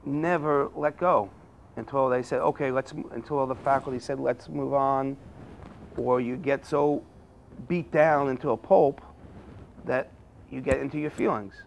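A man's voice: mid-range voice, steady tone, measured pace, creaky, a little hiss or hum, poor audio. A man, a former student, speaking in a documentary interview and repeating phrases to stress his point.

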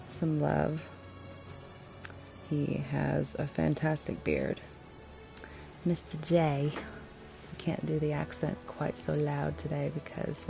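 A woman streaming a video game, chatting casually with viewers, swearing freely and greeting them warmly by name. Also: low voice. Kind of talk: casual live-stream chat while gaming. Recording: clear game music underneath. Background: game music.

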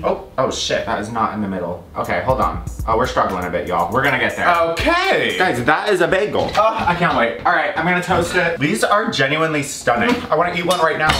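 An excitable man gushes his way through a casual cooking vlog, his voice bright and swooping up and down in pitch. He sits a little high for a man. The kitchen around him rings with echo. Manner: gushing, excitable, exclaims constantly. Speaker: food vlogger. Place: home kitchen.

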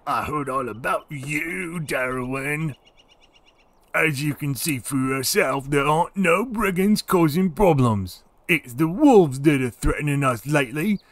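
A man voicing a gruff rustic village man who gives quests, in an exaggerated rough put-on accent. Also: sits high, huge pitch swings, slow, pauses often, fairly bright tone, dry recording, pitched above the performer's own voice, full character voice.

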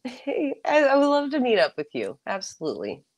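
A woman's voice: a little high, wildly swooping pitch, brisk. A young woman on a live show, flustered and pleading, laughing nervously. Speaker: guest. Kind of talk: casual live-stream banter.

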